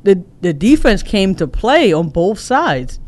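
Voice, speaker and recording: A man co-hosting a casual sports podcast, animated and joking, laughing often. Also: sits high, unhurried. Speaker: podcast co-host.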